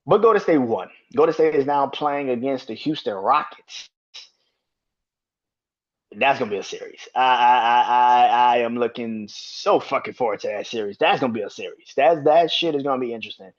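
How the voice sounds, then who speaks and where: A man's voice: medium pitch, normal speed, muffled recording. Profane, heated sports podcast man. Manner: profane, heated, repeats himself when worked up. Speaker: podcast host. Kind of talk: casual sports rant.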